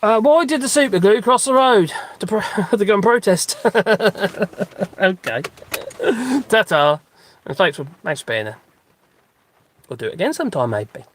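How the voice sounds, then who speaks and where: A man's voice: high voice, sing-song, normal speed, pauses often. A middle-aged man, chatting in a rambling, casual way during a live stream while out walking his dogs, with lots of fillers and restarts. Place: outdoors on a dog walk.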